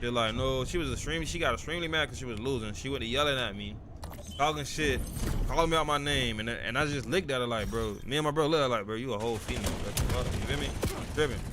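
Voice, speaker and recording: A young man streaming a game, rambling through a personal story in a casual, profane way, often asking "you feel me" and getting louder when worked up. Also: medium pitch, fast talker, noisy background. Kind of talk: casual storytelling while gaming.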